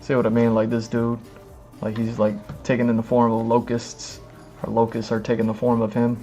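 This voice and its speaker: A man streaming live as he reads comics aloud, rambling and filling every pause with "like" and "you know what I mean". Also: medium pitch, completely flat delivery, mellow, lo-fi sound, soft background music. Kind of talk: casual live-stream commentary.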